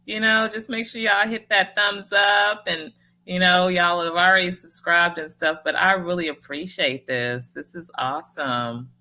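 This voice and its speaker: A woman's voice: on the low side, fairly even intonation, measured pace, pushed and bright. A woman hosting a casual livestream, chatting with viewers and answering their comments in a folksy, encouraging way with frequent laughter. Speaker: livestream host.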